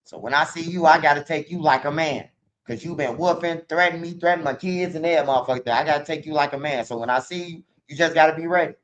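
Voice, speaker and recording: Man, fairly high voice, rambling profane monologue, dull lo-fi recording. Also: fast, a bit bright. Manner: profane, rambling street talk. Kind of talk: casual monologue to camera. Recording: dull lo-fi sound.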